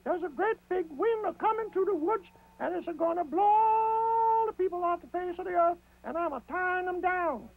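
A man voicing a clever, bold trickster rabbit in a high squeaky falsetto, on old lo-fi television audio. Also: moderate pace, vocal fry, hardly any pauses. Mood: hollering.

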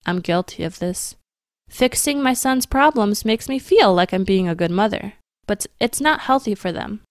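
A young woman reads a prepared parenting talk at an even, gentle pace. The recording is dry and close, with no room sound. Her delivery stays calm and measured throughout. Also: mid-range voice, no room sound. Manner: calm, gentle and measured, acting out child-directed quotes. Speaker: radio program presenter. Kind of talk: reading a scripted parenting talk.

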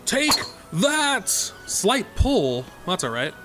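A man talks through a golf video game in a bright, high voice. He leaps from squeaky yelps to grumbling lows and keeps up a sarcastic, excitable running commentary. Faint music plays underneath. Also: drawn-out words. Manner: excitable, sarcastic, jumps between high yelps and low mutters. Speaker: gaming YouTuber. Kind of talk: gameplay commentary.

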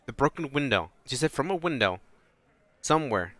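A man's voice: medium pitch, normal speed, no echo. A man playing through a story game, reading its dialogue aloud and swearing as he reacts. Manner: swears freely, reacts loudly, reads dialogue in a flat voice. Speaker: let's play host reading game text aloud. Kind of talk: casual gameplay commentary with read-aloud dialogue.

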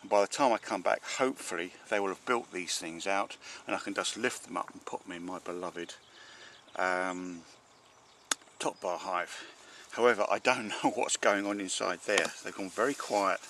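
Low gravelly guy keeping bees outside, chatty, keeps going oh crikey, faint buzzing behind. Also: moderate pace, a little hiss or hum. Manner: chatty, talks to the bees, excitable exclamations. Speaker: beekeeper. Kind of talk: casual narration while working a hive. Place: outdoors at a beehive.

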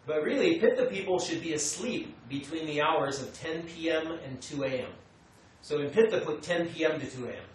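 American guy teaching a class, kinda high voice, recorded from far off in a very echoey room. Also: moderate pace. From United States. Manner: animated, acts out quotes, tells students to take notes. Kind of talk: classroom lecture. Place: meditation center lecture room. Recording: echoey room, mic far away, light noise.

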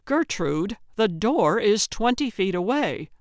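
A woman's voice: medium pitch, very animated, slow, no room sound. A woman narrator voicing a weary, patient older man with a dry, resigned manner. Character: weary, patient older man, her put-upon driver.

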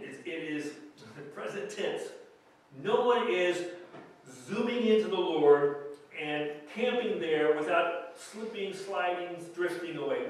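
A man, the pastor, preaching a sermon in a conversational, animated way, with bursts of emphasis and quiet asides, recorded in a church. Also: a little high, a little hiss or hum. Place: church sanctuary. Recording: echoey church hall mic from a distance.

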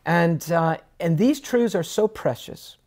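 An earnest man talks on a podcast in a fairly high voice. His delivery is casual and conversational, and he slips into the voices of people he quotes. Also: expressive, slow pace, a little mellow.

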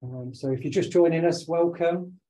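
A man, slightly hoarse from talking all day, giving a conversational online presentation with many filler sounds. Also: on the high side, moderate pace, warm tone, low-quality recording. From United Kingdom. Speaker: webinar presenter and business owner. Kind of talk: online presentation over slides.

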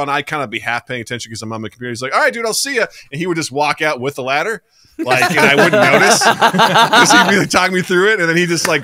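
A man in his forties hosting a podcast, telling a story in a casual, animated way and often laughing as he talks. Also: fairly high pitch, dry recording, clean studio sound. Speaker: podcast host.

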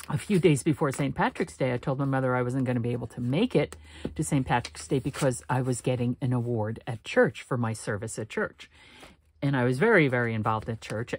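A woman's voice: rumbling low, normal speed, slightly rough. A woman hosting a paper craft channel, chatting casually while she works, rambling through her talk with frequent laughs and restarts.

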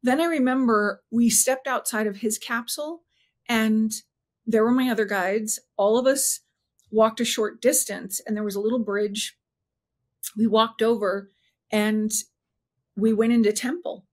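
A woman in an interview, telling a personal story earnestly and haltingly, often restarting her sentences and slowing down at emotional points. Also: a little high, steady tone. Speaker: interview guest.

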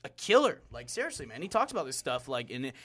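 A man's voice: mid-range voice, very animated, fast talker, sharp tone. A young man hosting a casual podcast chat, rambling and dropping "like", "bro" and "dude" all the time. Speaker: podcast host.

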